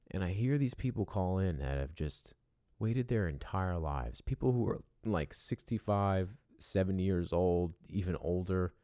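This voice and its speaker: A man in a casual, profane, animated monologue as a sports fan, swearing and rambling. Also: sits low, no room sound, studio quality.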